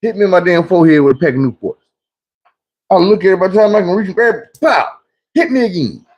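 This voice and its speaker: A man hosting a livestream, telling stories in a casual, preachy way, full of cursing, swinging between loud bursts and low mutters. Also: fast talker, highs cut off. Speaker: livestream host. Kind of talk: casual livestream monologue and storytelling.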